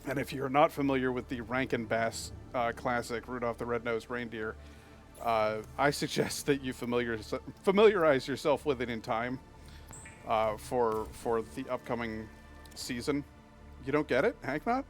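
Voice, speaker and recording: A man's voice: medium pitch, moderate pace, soft background music. A man from Massachusetts streaming a game, chatting casually with his viewers and often stumbling over and restarting his sentences. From Massachusetts, USA. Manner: chatty, often restarts and stammers, reads and answers chat. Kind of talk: casual live-stream chat while gaming.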